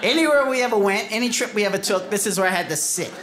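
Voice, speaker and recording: A man's voice: high voice, fast. A man from New York City performing a stand-up comedy set, telling childhood stories with lots of put-on voices. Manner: animated storytelling with put-on voices. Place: theater stage with laughing audience. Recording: roomy live venue with audience noise. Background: audience laughter.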